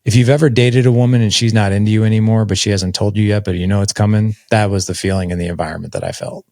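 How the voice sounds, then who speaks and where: Man, 40s, podcast guest, candid storytelling, gravelly voice, dry close sound. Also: fairly low pitch, fairly even intonation, fast talker, a little mellow, no room sound. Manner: candid, conversational, heavy on filler "like". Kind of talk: personal storytelling in an interview.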